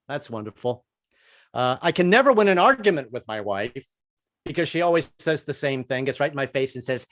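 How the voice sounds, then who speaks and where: A male stand-up comic with a slightly high voice tells jokes, stumbling and repeating words on the way to each punchline. The sound is dry and close, with little room around him. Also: sing-song, a bit bright, dry recording. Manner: halting, repeats words, drops into quick bits. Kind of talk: stand-up comedy set.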